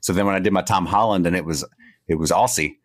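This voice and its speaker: A man's voice: low voice, quick pace. A man co-hosting a podcast, joking and riffing casually with laughing asides. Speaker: podcast co-host. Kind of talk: casual chat.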